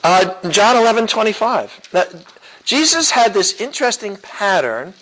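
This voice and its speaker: A man's voice: high-pitched, very animated, moderate pace, fairly bright tone, low-quality recording. Chuckling man teaching a church class. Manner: casual and chuckling, many fillers and restarts. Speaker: apologetics teacher. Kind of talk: classroom lecture.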